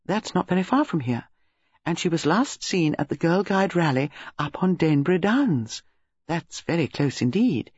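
A woman voicing a gentle, shrewd elderly spinster who talks softly and mildly in a musing way. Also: on the low side, lively intonation, moderate pace, slightly rough, no echo. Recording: slightly dull lo-fi audio.

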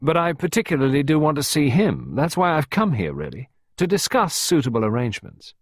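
An insolent, sneering man with a smooth, mocking delivery, voiced by a male narrator a little higher than his own low register. The tone is slightly husky and the recording is dry and close. He sounds amused at everyone's expense. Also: very animated, moderate pace, dry recording. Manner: brusque, mocking and impertinent.

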